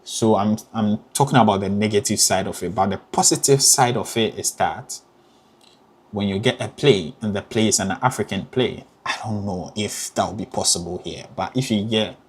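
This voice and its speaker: A young Ghanaian man, a graduate student in theatre, gives casual advice in a low, husky voice with a Ghanaian accent. He is chatty and emphatic, and his speech is full of "you know."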